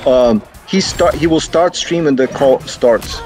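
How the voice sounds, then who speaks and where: A man's voice: medium pitch, fairly quick, a little mellow, faint music behind. A man on a stream call, arguing defensively, talking over the host and restarting his sentences. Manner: defensive, talks over others, restarts often. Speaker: caller on a stream. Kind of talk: heated argument on a call.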